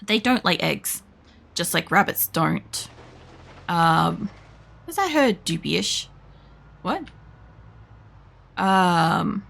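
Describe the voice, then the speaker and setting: Gravelly Australian woman chatting while gaming. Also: on the low side, animated, slow pace, pauses often, fairly bright tone. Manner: rambling, filler-heavy storytelling with swearing. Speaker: streamer. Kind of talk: casual gaming commentary.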